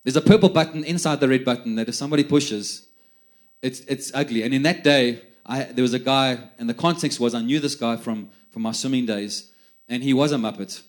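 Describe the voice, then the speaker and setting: A middle-aged South African man preaches a sermon in a mid-range voice, speaking fairly quickly. His storytelling is chatty, and he often repeats words as he restarts.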